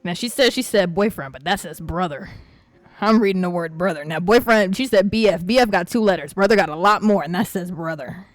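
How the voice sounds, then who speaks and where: A woman hosting a podcast in casual chat, brash and excitable, swearing freely. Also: lowish voice, a little fast, no echo, faint music behind. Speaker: podcast host.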